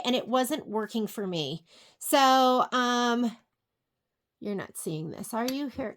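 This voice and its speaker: A woman giving a casual step-by-step crafting and cutting software tutorial, chatting to herself and to viewers as she works. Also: on the high side. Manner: chatty, talks to herself while working, asides to viewers. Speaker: sewing and crafting instructor.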